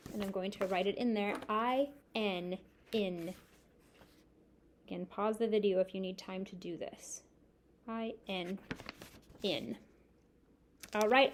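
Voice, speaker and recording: A woman's voice: mid-range voice, a little hiss or hum. A woman teacher recording a spelling lesson for young children, spelling words letter by letter and asking them to repeat after her. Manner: slow, clear spelling-out with call-and-repeat prompts.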